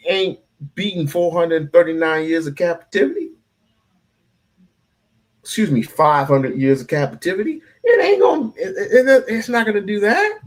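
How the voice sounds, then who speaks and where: A man giving heated, profane live-stream commentary, ranting and repeating himself. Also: sits high.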